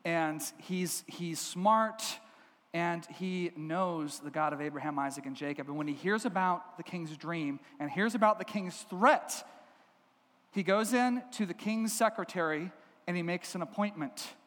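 A man, a pastor, preaching a sermon with lively, humorous storytelling in a church. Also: high-pitched, a little slow. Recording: long hall reverb.

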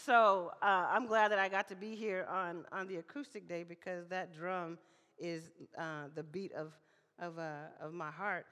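A woman from Mississippi preaching as a guest speaker, chatty and lively, often calling for amens, her voice slightly hoarse. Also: lowish voice, unhurried. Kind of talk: sermon. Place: church hall. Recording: church hall reverb.

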